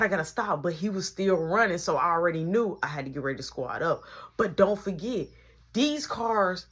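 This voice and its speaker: A woman telling a story in a casual storytime monologue, animated and full of sound effects. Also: husky. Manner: animated, punctuates with sound effects like boom and boop.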